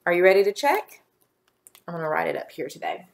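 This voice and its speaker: A woman teacher giving a recorded phonics lesson for young children, speaking slowly and clearly as she sounds out words and spells them letter by letter. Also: fairly low pitch, big pitch swings. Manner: slow, clear, patient instruction, sounding out words.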